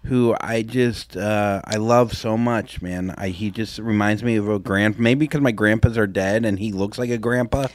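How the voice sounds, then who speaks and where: A man's voice: on the low side, fairly even intonation, no echo. A man co-hosting a podcast, cracking crude jokes in casual chat. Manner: jokey, crude, quick interjections. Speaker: podcast co-host.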